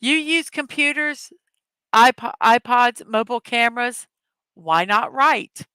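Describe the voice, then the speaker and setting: A woman hosts a casual morning stream, chatty and upbeat, and greets her viewers by name. Her voice is fairly high, bright and smooth, and she takes her time. The sound is dry and close. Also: no echo. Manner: reads words slowly one at a time. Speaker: host of a daily morning show. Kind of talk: casual livestream chat, reading puzzle words and memes aloud.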